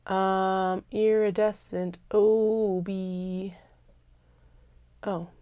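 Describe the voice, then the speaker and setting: A woman hosting a craft livestream, chatting casually and thinking aloud as she works, muttering notes to herself and sometimes dropping to soft whispers. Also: medium pitch, level tone, drawn-out words, smooth, dry recording. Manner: chatty, laid-back, drifts into soft whispers. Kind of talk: casual talk while working.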